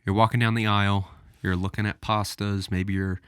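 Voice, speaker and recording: A man's voice: fairly low pitch, little pitch movement, normal speed, fairly bright tone, clean tone, no echo, studio quality. A man hosting his own podcast, talking casually and rambling a little, addressing his listeners directly and getting out of breath. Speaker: podcast host. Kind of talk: solo podcast monologue.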